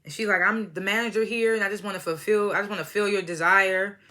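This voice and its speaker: A woman recaps a reality show episode casually, laughing often and acting out what the cast said in loose, slangy storytelling. Her medium-pitched voice has a sharp tone and fairly even intonation, and she talks quickly.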